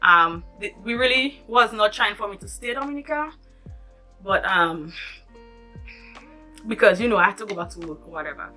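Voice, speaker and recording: A woman vlogger with a lilt tells a story to camera in an animated, dramatic way. Her voice is bright and forward, and she keeps turning to her viewers with asides. Faint music sits behind her. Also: mid-range voice, moderate pace, long pauses. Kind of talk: storytime vlog.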